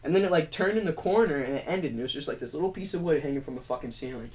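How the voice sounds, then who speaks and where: A young man with a somewhat high-pitched voice, speaking as a guest on a casual podcast. His storytelling is animated and full of swearing. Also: very fast. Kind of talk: casual chat.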